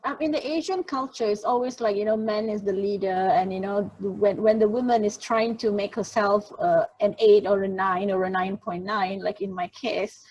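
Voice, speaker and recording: A woman's voice: medium pitch, fairly even intonation, moderate pace, few pauses, a little mellow, highs cut off, a little hiss or hum. A woman moderating a webinar question session over a video call, speaking casually with hesitant fillers.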